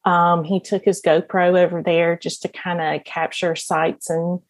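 A woman's voice: fairly low pitch, level tone, a little slow, no echo. A woman guest on a podcast, telling her story in a casual, rambling way, often laughing and restarting her sentences. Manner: laughs often while talking; rambling, with many fillers and restarts.

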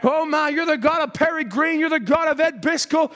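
A male preacher delivering a fervent sermon, telling a story and shouting exhortations, heard with a long church reverb. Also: very high voice, fairly quick, hardly any pauses.

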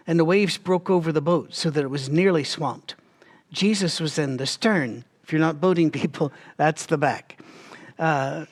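Man with a slightly high voice for a relaxed, lively Bible-study teaching read, addressing the audience directly. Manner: animated, talks to listeners directly, frequent restarts.

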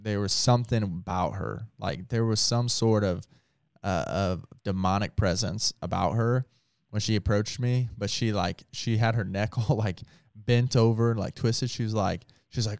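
A man's voice: fairly low pitch, moderate pace, darkish tone, no echo, studio quality. A man who is a pastor, talking casually and earnestly with lots of filler words. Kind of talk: casual podcast talk.

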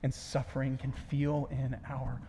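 A man preaching a sermon, earnest and emphatic, often dropping to a hushed voice at the ends of phrases. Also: mid-range voice, little pitch movement, measured pace, slightly rough. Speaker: pastor. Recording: long hall reverb.

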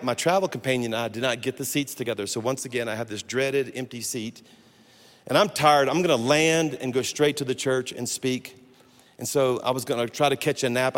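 A man preaching as a pastor, telling a funny personal story in an animated way and breaking off to restart his sentences. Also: mid-range voice. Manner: animated, humorous, self-interrupting storyteller. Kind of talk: storytelling sermon. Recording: long hall reverb with faint music.

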